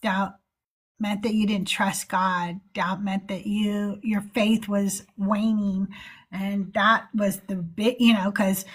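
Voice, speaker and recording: A woman's voice: mid-range voice, takes it slowly. A woman hosting a call-in stream, talking casually and ranting heatedly with plenty of swearing. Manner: heated, profane, animated rants. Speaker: host of a call-in show. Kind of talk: casual livestream chat.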